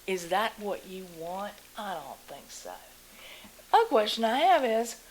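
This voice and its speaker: A woman's voice: fairly high pitch, a little hiss or hum, rough recording. Impassioned woman at a council meeting. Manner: impassioned, emotional, rhetorical questions. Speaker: resident giving public comment. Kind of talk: public comment at a council meeting. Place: town council meeting room.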